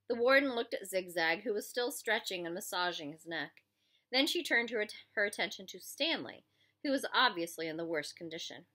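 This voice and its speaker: Expressive woman reading a novel aloud. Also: mid-range voice, fairly quick. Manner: expressive storytelling. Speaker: reader.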